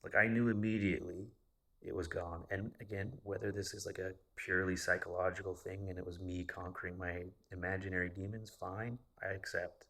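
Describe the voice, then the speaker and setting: A man's voice: sits low, flat delivery, fairly quick, bright, forceful tone. A man in his thirties telling a personal story casually, rambling and swearing freely. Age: 30s. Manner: profane, rambling.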